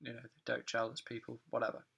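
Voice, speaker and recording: A man teaching an online English lesson on phrasal verbs, talking in a relaxed, chatty way with many fillers and asides. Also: medium pitch, quick pace, gravelly, breathy edge, highs cut off.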